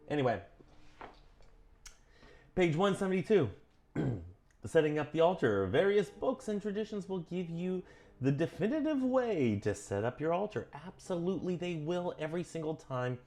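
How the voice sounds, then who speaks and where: A man casually talking through a witchcraft book on his vlog, earnest and self-correcting, often drifting onto tangents, his pitch jumping up when he gets emphatic. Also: lively intonation, moderate pace, darkish tone, faint music behind. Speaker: vlogger reading and commenting on a witchcraft book. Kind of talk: casual rambling vlog commentary.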